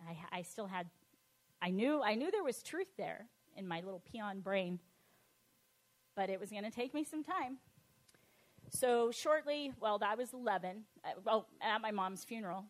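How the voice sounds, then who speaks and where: Woman sharing her life story, chatty, lots of likes and ums, goes soft and quiet sometimes. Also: mid-range voice. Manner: conversational, halting with fillers and restarts. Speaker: speaker sharing a personal testimony. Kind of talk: personal testimony talk.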